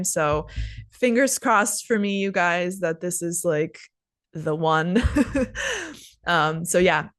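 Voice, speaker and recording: A woman's voice: fairly low pitch, dry recording, clean studio sound. A young American woman hosting a casual spoken English lesson in a chatty way. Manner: chatty, acts out example phrases with big swoops. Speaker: English teacher and host.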